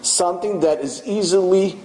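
A man telling a dramatic religious story in a sermon, slow and emphatic with sudden loud bursts. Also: sits high. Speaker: storyteller, rabbi-style speaker. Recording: echoey room with faint noise.

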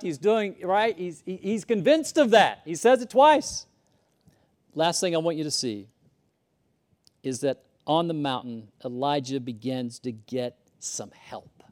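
A man's voice: a little high, animated, measured pace, darkish tone. A man preaching a sermon, emphatic, rising and falling as he acts out the lines he quotes. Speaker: pastor.

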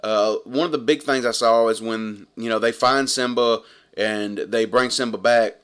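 A man's voice: medium pitch, steady tone, normal speed, fairly bright tone, clean tone. An earnest man in his thirties talks through a film review in a casual, rambling way. He circles back to the same points, restarting sentences as he works through his thoughts. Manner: earnest, rambling, repeats himself. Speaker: movie reviewer.

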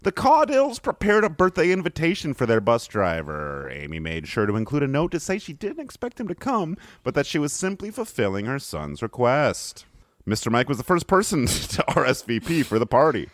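A man's voice: mid-range voice, huge pitch swings, normal speed, no echo, clean studio sound. A man co-hosting a comedy podcast, reading a news story aloud with wry, mock-serious asides. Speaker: podcast co-host.

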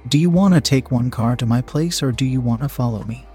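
A man's voice: mid-range voice, brisk, mellow, lightly acted. Male narrator doing a shy young trainer, hesitant and stammering, faint music.

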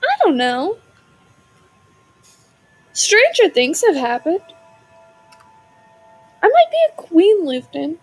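A woman's voice: very high voice, big pitch swings, slow pace, pauses often, faint music behind, low-quality recording. A woman playing a tabletop game, joking and hesitant in casual chat. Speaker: player.

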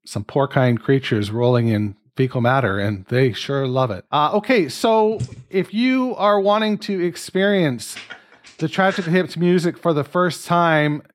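A man's voice: medium pitch, a little slow. A man, from Canada, hosting a casual podcast chat in an upbeat, joking way. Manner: upbeat, joking, loosely scripted. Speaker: podcast host.

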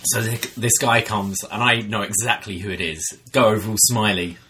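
A man, co-hosting a casual chat and animatedly telling bartending stories, jumping into high voices for quotes. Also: fairly even intonation, moderate pace, bright, forceful tone, a little hiss or hum. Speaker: co-host, bartender.

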